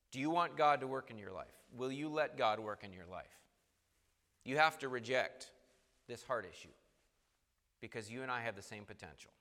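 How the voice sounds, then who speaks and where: Male preacher, sermon, emphatic, forceful tone, long reverb. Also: mid-range voice. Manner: emphatic, rising to forceful peaks.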